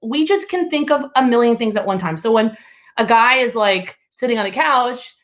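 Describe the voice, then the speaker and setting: Chatty animated woman comedian. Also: fairly high pitch, normal speed. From Alabama, USA. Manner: animated storytelling, chatty, laughs between lines. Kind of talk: stand-up comedy.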